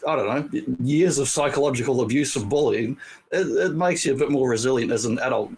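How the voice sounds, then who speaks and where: A middle-aged man with an Australian accent, chatting as a guest, blunt and quick to swear and laugh at his own lines over a video call. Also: medium pitch, gravelly, darkish tone, breathy edge, low-quality recording. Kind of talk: casual chat.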